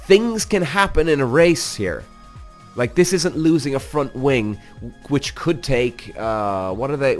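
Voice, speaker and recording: A mid-pitched man talks straight to his listeners, swearing and getting worked up as he reacts to a motorsport documentary. Faint music sits underneath his voice. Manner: animated, swears freely, talks straight to the audience as "guys". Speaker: podcast host, former racing driver. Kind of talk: casual reaction commentary.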